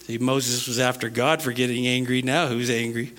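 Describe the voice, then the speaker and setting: A man preaching a sermon and reading scripture aloud, emphatic, swinging between loud preaching and quiet asides, acting out the characters in the text. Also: medium pitch, flat delivery, moderate pace. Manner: dramatizes scripture with acted voices. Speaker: pastor.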